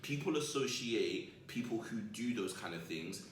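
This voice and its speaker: A young man talks in an easygoing way, dropping in slang. His voice is low but bright, heard from a little off mic in a very echoey room. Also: animated, measured pace, distant mic, a little hiss or hum. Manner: laid-back, chips in with slangy asides. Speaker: co-host. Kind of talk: casual chat.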